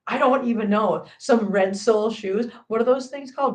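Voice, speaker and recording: Chatty woman in her forties, slightly high. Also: normal speed. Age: 40s. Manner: chatty, rambling, laughs often, reads chat comments aloud. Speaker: livestream host reading chat. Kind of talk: casual livestream chat. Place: her home. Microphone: laptop microphone.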